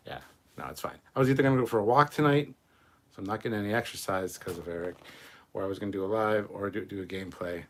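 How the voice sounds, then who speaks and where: A man's voice: lowish voice, quick pace. A man hosting a casual livestream, reading viewer comments aloud and answering them in a rambling, profane, self-mocking way. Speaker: livestream host reading chat.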